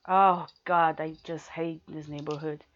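A woman performing an adult audio role-play in a teasing, commanding manner, swinging between hushed murmurs and loud outbursts. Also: sits low, fairly even intonation, unhurried, lo-fi sound.

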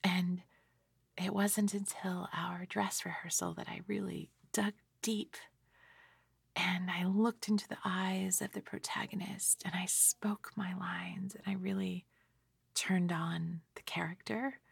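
A tired middle-aged woman rambles in a whispered ASMR style, soft and gently self-mocking. Her whisper is airy and husky with a gravelly edge. She takes her time, and she sits close to a dry microphone. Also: lowish voice, little pitch movement, takes it slowly, dry recording. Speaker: ASMR creator.

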